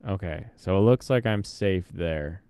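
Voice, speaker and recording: A man's voice: low-pitched, unhurried, dark tone, clear, resonant tone, no echo. A young man from the Pacific Northwest giving casual commentary while playing a game, thinking aloud and chatting with viewers. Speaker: streamer.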